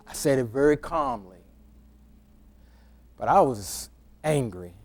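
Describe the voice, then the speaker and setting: A man's voice: medium pitch, expressive, slow, long pauses, a little mellow. A middle-aged male pastor preaching by telling a humorous personal story in a conversational way, often stammering and restarting his words.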